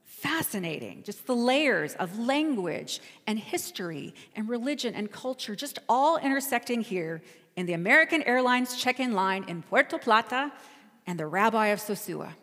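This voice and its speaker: A woman's voice: fairly high pitch, expressive, moderate pace, fairly bright tone, long reverb tail. A woman pastor giving a sermon, telling a travel story in a conversational, storytelling way. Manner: storytelling, conversational, self-correcting.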